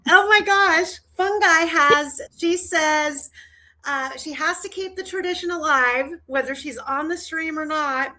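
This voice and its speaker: With a high, pushed, bright voice and a measured pace, a woman rambles through a casual livestream chat as its host. She trails off, restarts frequently, and laughs often.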